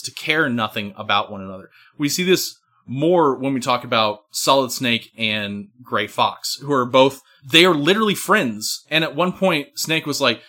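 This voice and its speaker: A man's voice: medium pitch, bright, forceful tone. A man co-hosting a casual discussion, lecturing at length and checking in with "right?". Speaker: podcast co-host.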